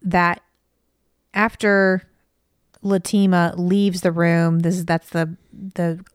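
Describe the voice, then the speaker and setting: A woman's voice: lowish voice, level tone, takes it slowly, clear, resonant tone, no echo, studio quality. A woman co-hosting a podcast, chatting casually and thoughtfully about a book she is reading. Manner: thoughtful, analytical, peppered with "you know". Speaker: podcast co-host; mother of school-age kids.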